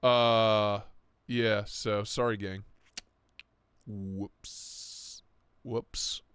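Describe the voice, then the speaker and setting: A man's voice: lowish voice, little pitch movement, extremely slow, fairly bright tone, clean tone, dry recording, clean studio sound. A man hosting a casual livestream, joking crudely, laughing a lot and reading out donations. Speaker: livestream host.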